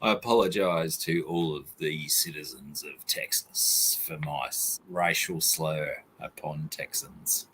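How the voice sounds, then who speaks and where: A man's voice: extremely low pitch, measured pace, hardly any pauses, fairly bright tone, a little hiss or hum. A man chatting casually and joking about himself between songs, with guitar music behind him. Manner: joking, self-deprecating, rambling. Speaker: guest singer.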